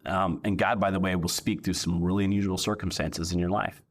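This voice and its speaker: A man's voice: deep voice, steady tone, fairly quick. A male pastor preaching a sermon in a casual, joking, conversational way.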